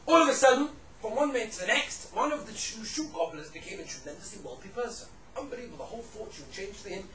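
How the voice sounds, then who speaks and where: A man's voice: sits high, sharp tone, recorded from a distance. A man giving a religious lecture on Jewish law and ethics. He tells stories with animation, repeats his phrases, and mixes Hebrew and Yiddish terms into his speech. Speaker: religious teacher. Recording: echoey room, mic set back, faint background noise.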